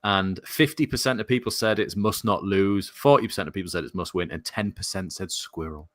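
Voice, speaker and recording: A man's voice: low-pitched, fairly quick, fairly bright tone. A man hosting a casual football podcast, laughing often and running the chat polls. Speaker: podcast host.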